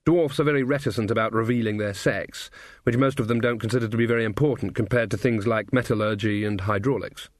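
A man narrating a comic fantasy audiobook in a measured, dry delivery. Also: lowish voice, fairly even intonation, dry recording. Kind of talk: scripted narration.

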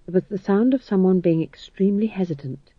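A man narrating an audiobook in a wry, expressive way. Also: high voice, a little fast, no room sound, highs cut off.

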